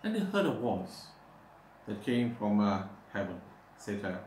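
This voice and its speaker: A man preaching a sermon, pausing often with "uh" and slowing down to stress scripture verses. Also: lowish voice, big pitch swings, darkish tone. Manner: halting, with frequent "uh" pauses. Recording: echoey room, faint background noise.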